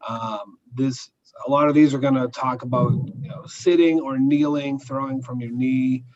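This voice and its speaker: A man hosting a podcast, speaking in a hesitant, halting way. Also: medium pitch, steady tone, a little mellow. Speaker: podcast host. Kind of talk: casual podcast discussion. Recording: dull line with faint hiss.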